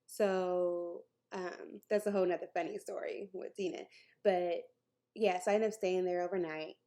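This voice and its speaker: A young woman with a lowish, mellow voice speaks at normal speed and an even tone as she tells her camera a personal story. The storytime vlog is loose and chatty; she laughs a lot and imitates the people in her tale.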